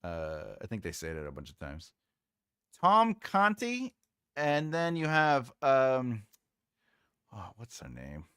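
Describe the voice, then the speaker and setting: A man's voice: mid-range voice, wildly swooping pitch, slow, long pauses, a bit bright, clean tone, no echo, studio quality. A man hosting a casual livestream and reading out viewer comments. He rambles, trails off while searching for names, and laughs often. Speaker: writing livestream host.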